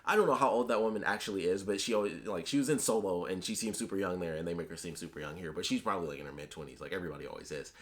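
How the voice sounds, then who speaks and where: A man's voice: deep voice, racing, few pauses. A man giving a casual spoken review of a TV episode, rambling with lots of fillers and restarts.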